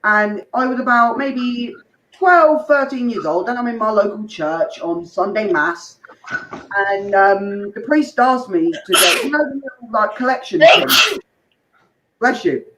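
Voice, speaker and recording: A man's voice: sits high, expressive, a little slow, fairly bright tone. A man doing an open mic stand-up set, telling crude rambling stories with asides to the crowd. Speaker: stand-up comedian. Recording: echoey room, muffled dull sound, faint noise.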